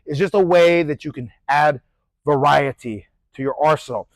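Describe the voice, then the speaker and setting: A middle-aged boxing coach explains technique in a loose, chatty, animated way, his fairly high voice recorded close and dry on poor audio. At a moderate pace, he swears casually, shouts sharp punch sound effects to demonstrate, and keeps asking "right?"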